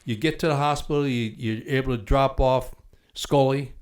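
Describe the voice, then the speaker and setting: A man's voice: medium pitch, moderate pace. An older man hosting an interview, affably prompting his guest with follow-up questions and added detail. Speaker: podcast host.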